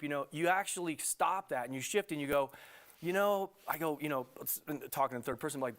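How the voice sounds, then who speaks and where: Man, middle-aged, love coach, rambling chatty delivery, voice sits a bit high. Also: fairly quick, clean tone. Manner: animated, rambling with many fillers. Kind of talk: casual TV studio interview. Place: TV studio.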